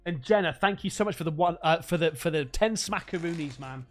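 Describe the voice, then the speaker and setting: A man live-streaming, excitedly thanking donors by name and unboxing gifts, swearing freely. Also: fairly high pitch, a little fast, soft background music. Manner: excitable, sweary, calls everyone mate. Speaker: livestreamer.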